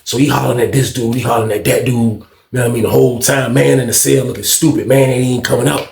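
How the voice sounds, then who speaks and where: A man telling a prison story in casual talk, acting out other people's lines with shouts and slang. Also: mid-range voice, fast talker, creaky, reverberant, over a noisy crowd. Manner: animated, acts out shouted quotes in a raised voice; heavy profanity and slang.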